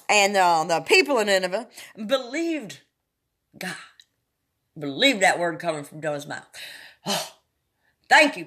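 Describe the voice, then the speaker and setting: A woman reading Bible chapters aloud in a sing-song, drawn-out dramatic way, breaking off for chatty asides to her listeners. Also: mid-range voice, fairly bright tone. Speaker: Bible reader.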